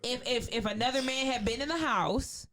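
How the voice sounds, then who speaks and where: A woman guest on a podcast, telling a story with excitement and plenty of swearing, acting out the people in it with big jumps in her voice. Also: a little fast, a loud crowd. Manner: excitable, profane, acts out quotes with big pitch jumps. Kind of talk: animated storytelling in casual chat.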